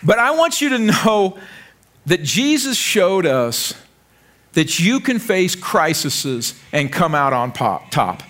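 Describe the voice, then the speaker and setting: A pastor from the United States, a man, preaching a sermon in an energetic, joking way, repeating lines and stumbling over words. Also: high-pitched, slow.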